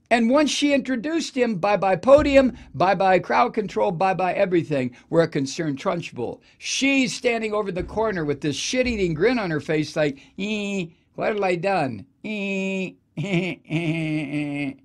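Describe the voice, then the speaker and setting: A male political talk host rants sardonically through a profane monologue. His gravelly voice sits fairly high and swings widely in pitch as he mocks and digresses. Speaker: radio talk show host.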